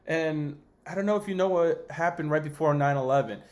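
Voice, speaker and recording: A man's voice: fairly high pitch, brisk, a little mellow. Heated, profane male podcast host. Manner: heated, profane, with sarcastic mock quotes. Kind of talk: ranting political commentary.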